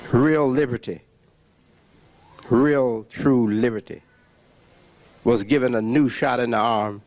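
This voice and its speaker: A man giving a preaching religious lecture, emphatic, with long pauses and repeated words. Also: mid-range voice, a little mellow. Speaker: religious speaker.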